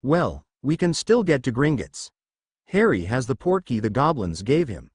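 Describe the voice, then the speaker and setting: A man's voice: mid-range voice, sing-song, normal speed, darkish tone, husky, no echo, clean studio sound. A man voicing Narcissa, a prim, caring, refined witch, in a storybook reading. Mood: reassuring.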